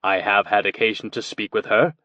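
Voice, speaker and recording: Earnest young male scholar, measured and plain; narrator's own voice. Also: on the low side, steady tone, bright, forceful tone, no echo, highs cut off. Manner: measured, explanatory.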